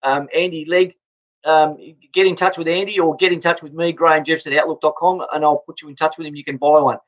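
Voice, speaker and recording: An Australian man rants with a raised, slightly high voice, blunt and swearing, tripping over his own restarts. The recording sounds dull and lo-fi. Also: steady tone, fairly quick. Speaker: political vlogger. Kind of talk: angry ranting monologue.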